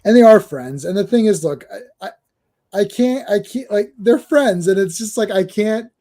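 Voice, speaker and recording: A man's voice: sits high, lively intonation, normal speed, warm tone. A man hosting a casual podcast chat, rambling and repeating words as he goes. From Canada. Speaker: podcast host.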